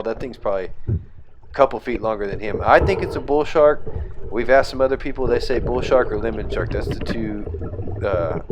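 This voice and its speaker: A young man casually narrating his own fishing trip footage as a voice-over, telling the story with fillers and restarts and growing excited at the tense moments. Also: fairly low pitch, background noise.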